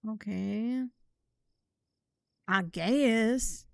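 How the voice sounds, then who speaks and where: A woman's voice: mid-range voice, very slow, gravelly, clear, resonant tone, dry recording, clean studio sound. A young woman streaming a horror game, chatting casually to her viewers, slangy and swearing, shrieking when startled. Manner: talks to chat, slangy and swears. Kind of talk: casual live-stream commentary.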